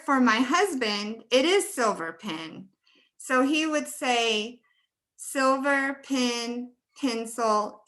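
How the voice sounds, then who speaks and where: A woman with a bright, high-ish voice runs a webinar on pronunciation over a computer mic. She stretches out words slowly and carefully so listeners can copy them. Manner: slow, careful modeling of words. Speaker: teacher trainer. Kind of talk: webinar teaching.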